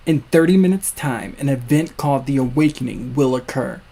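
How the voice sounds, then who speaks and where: A man voicing a suave, menacing male villain, the hero's future self, speaking slowly and deliberately. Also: mid-range voice, creaky, warm tone. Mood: smug.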